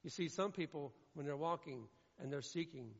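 Gravelly-voiced preacher in an echoing hall. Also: male voice, a little high, moderate pace. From Indiana, US. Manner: emphatic and repetitive, swinging between loud and hushed. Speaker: pastor. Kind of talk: sermon. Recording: echoey hall, dull lo-fi sound.

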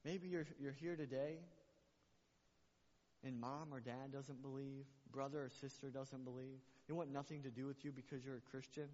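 A man's voice: mid-range voice, fairly even intonation, normal speed, a little mellow. A man preaching a sermon to his church, passionate and repeating phrases for emphasis. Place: church sanctuary. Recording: muffled recording with long hall reverb.

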